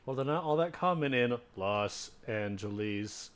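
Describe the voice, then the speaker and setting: A man's voice: mid-range voice, expressive, a little slow, smooth. Laid-back joking man co-host. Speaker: let's play co-host. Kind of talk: casual chat over a game. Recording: music under voice.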